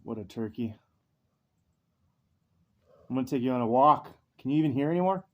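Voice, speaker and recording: A man's voice: mid-range voice, very animated, brisk, pauses often, a little mellow, slight background noise. A young man chatting casually, teasing his dog playfully and telling loose, profane stories with laughs. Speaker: vlogger and musician. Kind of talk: casual chat and storytelling.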